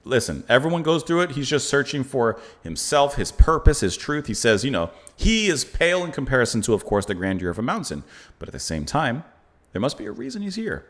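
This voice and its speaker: A man's voice: medium pitch, sing-song, brisk. A man hosting a music reaction show, giving thoughtful, admiring commentary in a casual way, often saying "you know" and "like". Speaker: music reaction channel host. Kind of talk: casual album reaction and review.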